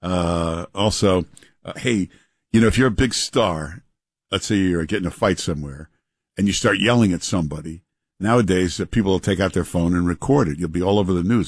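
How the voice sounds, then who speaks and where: A male radio host with a low, grounded voice. He talks at an easy, unhurried clip with dry, wry humor. The sound is close and dry, with no room around it. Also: breathy edge, no echo. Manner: unhurried, wry, chuckling banter. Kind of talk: casual talk radio chat.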